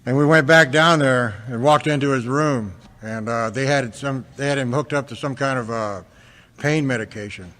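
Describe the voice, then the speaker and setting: An American man from Fresno, California, giving an earnest personal testimony at a recovery meeting, halting often and repeating words as he restarts. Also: medium pitch, a bit bright. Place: large hall at a convention. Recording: reverberant hall recording.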